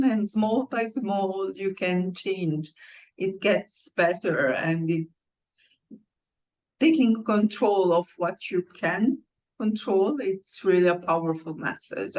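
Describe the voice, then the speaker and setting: A woman podcast host with a lowish voice who takes her time over every phrase. She talks in a measured, encouraging way and keeps affirming her guest. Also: rough recording. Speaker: podcast host and executive coach. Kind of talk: casual interview chat.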